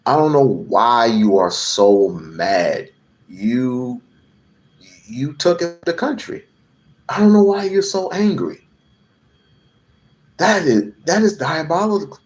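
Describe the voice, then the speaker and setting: A man's voice: mid-range voice, animated, slow, pauses often, darkish tone. A man giving a heated political rant to camera, profane and emphatic, hammering on repeated phrases. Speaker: political commentator.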